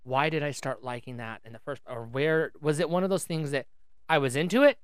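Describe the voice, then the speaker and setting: A woman's voice: low voice, brisk, smooth, no room sound. A woman co-hosting a podcast in casual chat, rambling and restarting her sentences as she talks into a studio microphone. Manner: chatty and rambling, with many restarts. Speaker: podcast co-host.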